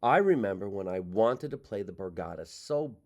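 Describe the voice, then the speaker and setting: A man's voice: fairly low pitch, lively intonation, normal speed, gravelly, a little mellow. A man with a New Jersey accent hosting a comedy podcast, telling stories in a casual chat. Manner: chatty storyteller, laughs often.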